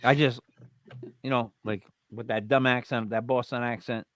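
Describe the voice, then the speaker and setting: In studio-quality, dry audio, a man with a mid-range, animated voice speaks fairly quickly as co-host of a live online talk show. He banters casually and jokingly, rattling off names and lists with emphatic bursts.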